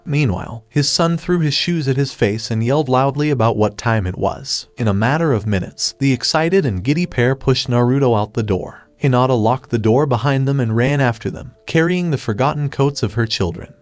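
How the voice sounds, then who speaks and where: A man reads a fan fiction story aloud at a steady, even pace. His voice sits at a middle pitch. The recording is dry and close with no room sound. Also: no room sound. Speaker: narrator.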